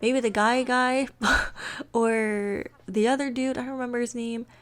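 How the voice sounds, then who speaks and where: A woman's voice: a little high, fairly even intonation, measured pace, clear, resonant tone, close to an everyday voice. Woman voicing a sweet young girlfriend. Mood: friendly. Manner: gentle, open and caring.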